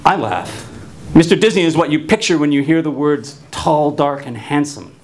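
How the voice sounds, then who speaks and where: A man's voice: a little high, lively intonation, normal speed. A man in his fifties from New Jersey telling a personal story wryly, with frequent stuttered restarts. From New Jersey, USA.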